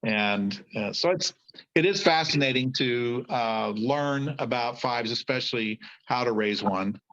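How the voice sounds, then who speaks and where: A man's voice: mid-range voice, unhurried, a bit bright, muffled recording. An older man, an author and guest, telling folksy stories in casual conversation, rambling with frequent restarts.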